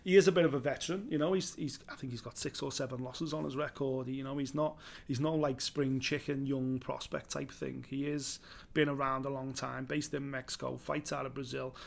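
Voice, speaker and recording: Gravelly Scouse man talking fights. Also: mid-range voice, fairly quick. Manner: animated, swears freely, calls people baby. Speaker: MMA show co-host. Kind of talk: casual fight preview chat.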